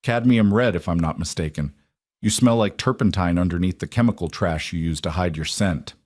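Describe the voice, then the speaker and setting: A man doing a calm, commanding CEO. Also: no room sound, studio quality. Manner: low, controlled and unhurried. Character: commanding male CEO alpha, calm and possessive.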